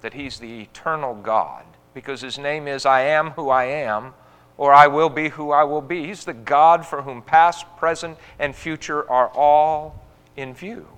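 A man's voice: a little high, sharp tone, clean tone, in a large hall. A man preaching a sermon as pastor, earnest, with rising emphasis on quoted scripture.

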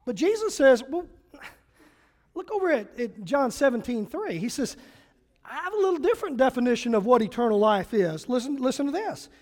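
A pastor with a high-sitting voice preaches a sermon briskly and with animation. He reads and paraphrases scripture aloud and throws questions at the congregation.

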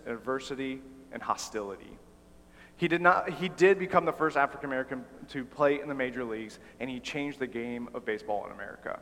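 A male preacher delivers a sermon with animated energy, often acting out bits of dialogue as he talks. His voice sits fairly high for a man. A long reverb hangs on every word, as in a large hall. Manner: animated, acts out quoted dialogue.

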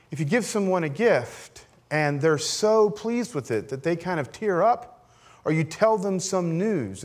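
A middle-aged man preaching as a pastor, in a conversational, self-deprecating way with frequent "right?" asides. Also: on the high side. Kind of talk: sermon.

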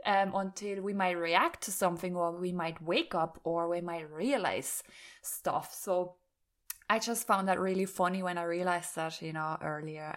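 A woman hosting a self-care podcast, talking casually and laughing often as she speaks. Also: on the low side. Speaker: podcast host. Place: rural home near fields.

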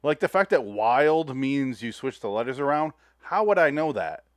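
A man's voice: mid-range voice, sing-song, no echo. Casual American man recapping an episode. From United States. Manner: casual, swearing, retells scenes in quick paraphrase. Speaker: podcast co-host.

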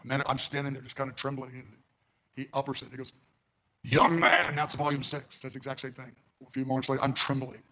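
A man's voice: medium pitch, completely flat delivery, rapid-fire, a bit bright, low-quality recording. A man preaching, telling a personal story and quoting the voices in it, often trailing off and restarting. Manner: quotes voices in his stories, trails off, restarts. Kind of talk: recorded sermon storytelling.

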